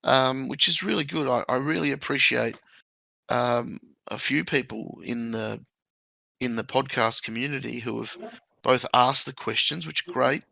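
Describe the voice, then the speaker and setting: Gravelly chatty man. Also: mid-range voice, moderate pace, bright, forceful tone, no echo. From Australia. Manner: chatty, laughs often. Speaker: podcast host. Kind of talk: casual podcast chat.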